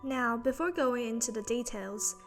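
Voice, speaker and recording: A woman with an Australian accent, originally from Singapore, reads a lesson script in a slightly high voice. She explains each point clearly and at a measured pace. Quiet music plays underneath her. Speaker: teacher. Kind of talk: scripted educational narration. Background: faint background music.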